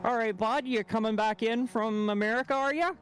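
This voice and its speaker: A man's voice: very high voice, fairly even intonation, a little fast, slight background noise, pitched above the performer's own voice. A man putting on a folksy, breezy male border guard. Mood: breezy questioning.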